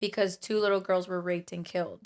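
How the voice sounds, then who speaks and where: Young woman, gravelly voice, casual podcast chat, rambling storyteller, lots of fillers. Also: fairly low pitch, level tone, a little fast. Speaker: podcast guest.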